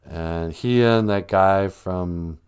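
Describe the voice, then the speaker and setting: A man's voice: sits low, slow pace, darkish tone, clean tone. A man hosting a casual livestream from a small room at home, rambling and joking as he muses aloud with a lot of laughing. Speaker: livestream host.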